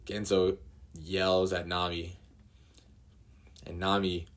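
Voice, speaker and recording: Slow low-voiced man reading a comic aloud. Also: flat delivery, a bit bright. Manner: halting, with emotional asides. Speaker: streamer.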